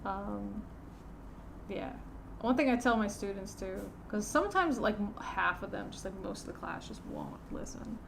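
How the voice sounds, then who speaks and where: A woman's voice: medium pitch, wildly swooping pitch, normal speed, creaky, background noise. A middle-aged woman, a teacher, chatting casually and telling a rambling story, often restarting her sentences. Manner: rambling, self-correcting, laughs while telling stories. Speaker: podcast host answering a listener.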